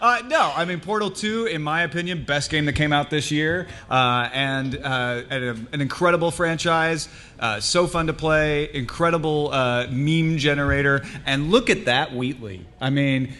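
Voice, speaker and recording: A man's voice: on the high side, normal speed, hardly any pauses, pushed and bright. A man on a live panel arguing his case earnestly with lots of fillers. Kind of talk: mock debate argument.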